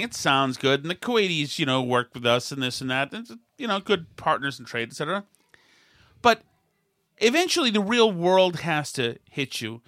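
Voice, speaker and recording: A man's voice: on the high side, bright, forceful tone, dry recording. A man in his fifties from Massachusetts, hosting a podcast with casual political chat and meandering storytelling full of restarts. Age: 50s. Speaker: podcast host.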